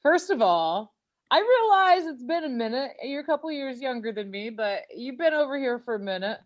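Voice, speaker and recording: A young woman co-hosting a podcast, teasing and blunt, excitable in casual chat. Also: sits high, normal speed, muffled recording. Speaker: podcast co-host.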